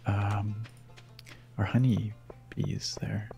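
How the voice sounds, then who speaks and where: Soft-spoken gravelly man from Canada. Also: lowish voice, little pitch movement, drawn-out words, soft background music. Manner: soft, hesitant, slips into whispers. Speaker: co-host. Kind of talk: soft-spoken ASMR gaming chat.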